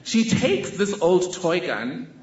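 A woman, telling a personal story in a measured, deliberate way. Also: on the low side, very animated, reverberant, muffled recording. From South Africa. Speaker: speaker telling her life story.

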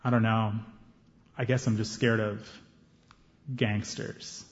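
A comedian voicing a timid, nervous young man who speaks quietly and hesitantly, in a slightly dull, roomy live recording. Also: medium pitch, moderate pace, close to an everyday voice.

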